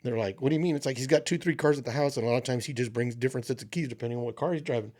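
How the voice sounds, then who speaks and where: A man on a podcast, telling a drinking story in casual, profane, animated chat. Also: medium pitch, racing. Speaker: podcast co-host.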